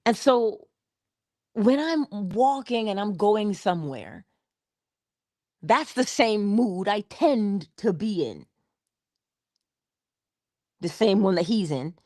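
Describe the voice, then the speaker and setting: Slow, lively woman storyteller. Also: mid-range voice, no room sound, studio quality. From Barbados. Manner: expressive storyteller, drawn-out emphasis. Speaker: inspirational vlogger. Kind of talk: storytelling motivational talk.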